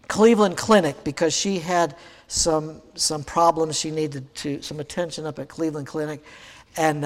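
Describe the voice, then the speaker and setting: A man in his sixties preaching a sermon, telling a personal story in a halting way with many fillers and restarts. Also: high voice, in a large hall. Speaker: pastor.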